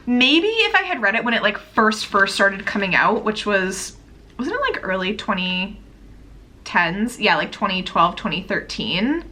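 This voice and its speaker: A woman's voice: medium pitch, sing-song, a little slow, pushed and bright. A young woman chatting casually in a reading vlog, bubbly and gushing, with lots of "like" fillers. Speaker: book vlogger.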